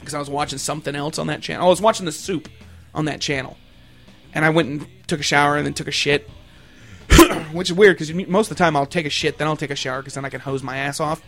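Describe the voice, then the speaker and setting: A man's voice: on the high side, steady tone, fast talker, a bit bright, soft background music. A man hosting a comedy show, ranting in a crude, rambling way and swearing constantly. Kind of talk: profane comedic rant.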